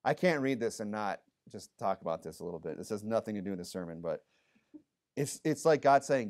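A man's voice: fairly low pitch, lively intonation, fairly quick. A male pastor preaching a sermon in a church, talking conversationally and reading scripture aloud in a raised voice. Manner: conversational, frequent "you know" and "okay?", reads scripture louder. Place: church sanctuary.

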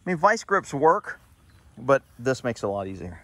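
A man's voice: mid-range voice, very animated, normal speed, fairly bright tone, dry recording. Chatty man explaining his horse paddock. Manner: chatty, explains step by step, scolds pets playfully. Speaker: horse owner vlogger. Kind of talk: casual outdoor vlog.

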